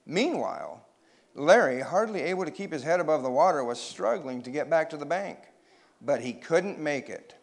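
A man reading a children's story aloud, expressive and pausing to ask his listeners questions. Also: a little high, vocal fry.

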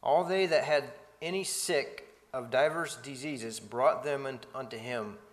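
Reading scripture in a reverberant setting, a man pauses between passages to comment as part of a Bible study. He talks a little slowly at a middling pitch and sometimes stumbles and restarts.

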